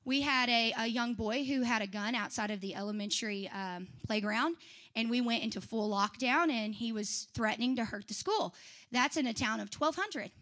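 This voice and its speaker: Bright, high-voiced woman giving testimony. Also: moderate pace. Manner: lively, chatty, laughs often, talks back to the audience. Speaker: church member giving a testimony. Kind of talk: personal testimony to a congregation.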